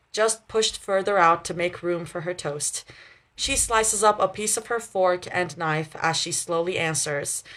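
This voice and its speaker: Young woman reader, live fan-fiction reading, lowish voice, chatty asides. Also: fairly bright tone. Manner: chatty, laughs and corrects herself between lines.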